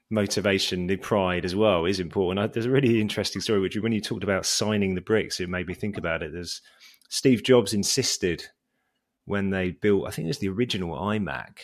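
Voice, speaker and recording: Deep-voiced man telling an anecdote. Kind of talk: conversational discussion.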